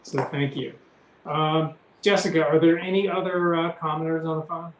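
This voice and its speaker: A man chairing a public meeting, speaking haltingly with many fillers. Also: on the high side, steady tone, roomy sound, low-quality recording. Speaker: commission chairman.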